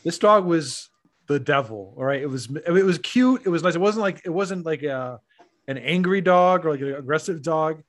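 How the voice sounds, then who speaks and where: A man telling a funny story in a casual, profane podcast chat, animated and laughing often. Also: a little high, normal speed.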